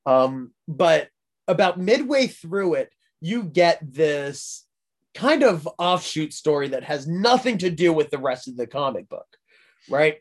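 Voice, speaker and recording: Brief: young male podcast host, rambling and laughing, unhurried, slightly high. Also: sing-song. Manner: rambling, laughing, many fillers. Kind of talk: casual chat.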